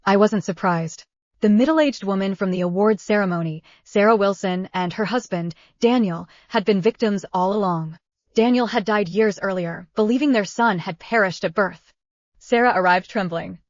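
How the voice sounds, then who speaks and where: A woman reading a scripted first-person story in an even, steady way. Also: medium pitch, dry recording. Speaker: story narrator. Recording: dull, dry close recording.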